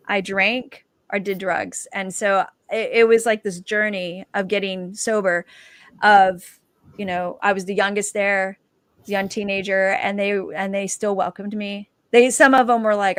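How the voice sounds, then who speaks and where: A woman, a dancer and author, telling her personal testimony as a guest and lively acting out the quoted dialogue. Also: medium pitch, clean tone, no room sound.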